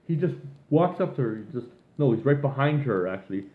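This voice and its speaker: A man's voice: mid-range voice, lively intonation, a little fast. A man rambles through a long, profane rant with an exasperated edge. His voice comes through thin and phone-like. It bounces around an echoey room. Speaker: vlogger. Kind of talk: casual rant.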